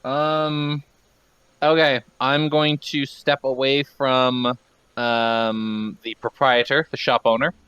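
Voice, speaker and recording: A man with a bright, forward voice plays a tabletop role-playing game and lays out his character's moves in a measured, deliberate way. The sound is dry and close. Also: medium pitch, flat delivery, clean tone, no room sound, lo-fi sound. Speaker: player. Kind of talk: casual in-character play.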